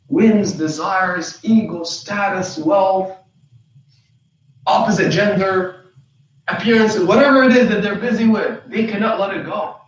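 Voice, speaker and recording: A man with a high voice delivers a Qur'an lecture as an imam in a prayer hall. He keeps asking the listeners rhetorical questions and slips into the voices of the people he quotes. The mic sits far from him, and the room is heavily echoey.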